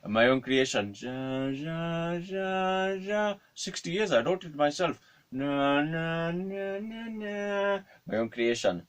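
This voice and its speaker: A man voicing a confused elderly man with dementia, speaking slowly in a high, drawn-out voice. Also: animated, natural voice. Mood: boastful. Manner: slow, high, drawn-out pleading.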